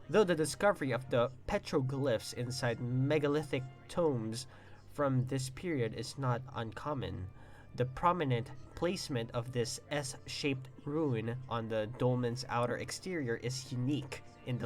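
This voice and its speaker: Young male streamer, reads game text aloud, breaks off to swear and exclaim; soft music under him. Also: medium pitch, a little slow. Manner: excitable, swears and exclaims between read-out passages.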